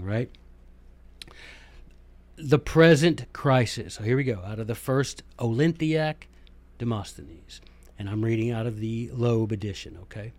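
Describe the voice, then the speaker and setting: A man's voice: medium pitch, unhurried, a little mellow, dry recording. A man hosting a podcast in a casual monologue, talking with lots of fillers and asides and muttering some comments under his breath. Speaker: podcast host; former teacher, book club leader.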